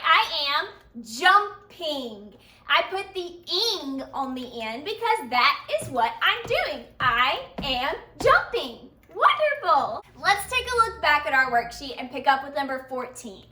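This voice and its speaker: A woman teaching a children's phonics lesson, speaking patiently and slowly to young learners. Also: high-pitched, sing-song, pushed and bright, reverberant, slight background noise. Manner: slow, patient, sing-song teacher talk to young learners.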